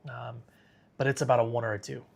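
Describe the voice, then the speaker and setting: A man's voice: medium pitch, little pitch movement, fast talker, vocal fry. A man hosting a live severe weather stream, tired and sick, talking casually and reading viewer comments aloud. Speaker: weather livestream host.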